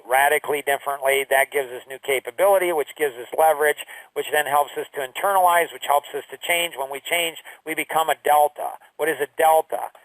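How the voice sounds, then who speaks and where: A man's voice: a little high, a bit bright, dry recording, distant mic, rough recording. A man teaching a recorded lesson, telling personal stories in a rambling, anecdotal way full of "you know" and "like". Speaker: course instructor.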